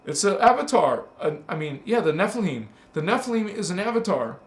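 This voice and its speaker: A man's voice: high voice, sing-song, brisk, echoey room. A man hosting a casual spiritual livestream, teasing and emphatic, laughing often as he talks to viewers.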